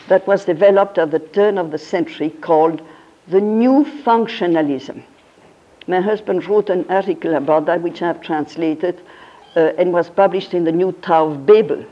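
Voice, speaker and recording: A woman giving a religious philosophy lecture, emphatic and fond of rhetorical questions. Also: on the low side. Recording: dull lo-fi recording.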